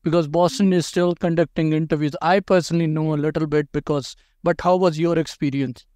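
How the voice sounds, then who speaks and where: A man hosts an interview in a direct, advising way, sometimes doubling words as he pushes a point. His voice sits a little high. The sound is dry and close. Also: steady tone, brisk, a little mellow, no room sound. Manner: direct, advising, repeats words when emphasizing. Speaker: host interviewing a dental school applicant. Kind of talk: conversational interview.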